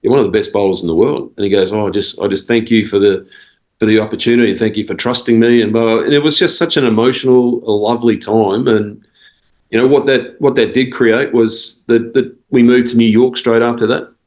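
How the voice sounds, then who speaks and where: A man's voice: mid-range voice, fairly even intonation, fairly quick, darkish tone, low-quality recording. An Australian man, a cricket coach and podcast guest, telling stories in a rambling casual way with quoted dialogue. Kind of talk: casual storytelling interview.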